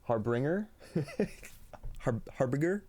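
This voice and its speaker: Taking it slowly, the streamer speaks in a mellow mid-range voice with lively intonation. He chats casually and upbeat with his viewers, reads chat aloud, and laughs a lot, but comes across as tired and slightly shaky.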